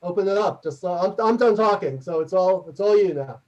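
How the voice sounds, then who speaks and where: A man presenting a workshop over a video call and answering questions, talking quickly and energetically in the manner of a professor and trainer. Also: high-pitched, expressive, a little mellow. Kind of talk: webinar presentation and Q&A. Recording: dull distant video-call audio.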